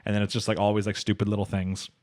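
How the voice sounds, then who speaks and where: Fast-talking low-voiced man recapping anime. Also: completely flat delivery, a little mellow, no room sound, clean studio sound. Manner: rambling, lots of fillers, acts out characters' lines. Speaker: podcast co-host. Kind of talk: casual anime recap chat.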